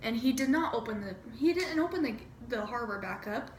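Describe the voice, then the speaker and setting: A woman's voice: on the high side, expressive, fairly quick, slight background noise. Chatty, irreverent woman in an echoey room. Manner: chatty and irreverent, acts out quotes, swears. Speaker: amateur history explainer. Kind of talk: casual retelling of history.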